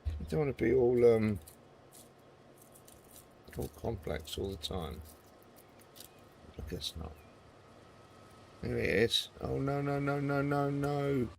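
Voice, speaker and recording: Guy with a low gravelly voice rambling on while he plays a train game, chatty, faint hiss behind. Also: slow pace, pauses often, darkish tone. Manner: chatty, rambling, talks to viewers. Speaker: gaming video host. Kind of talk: casual gameplay commentary.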